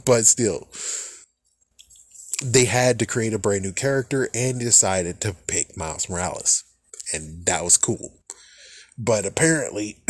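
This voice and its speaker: A man's voice: lowish voice, no echo. A man giving casual ranting commentary on a video, exasperated and profane, rambling from point to point.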